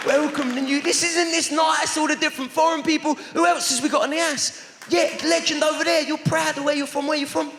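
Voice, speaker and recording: A man's voice: extremely high pitch, flat delivery, a little fast, hardly any pauses, heavy background noise. A man with a London accent doing stand-up crowd work with cheeky slang banter on a theatre stage. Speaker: stand-up comedian. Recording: live theatre, loud crowd, reverb. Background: audience laughter and applause.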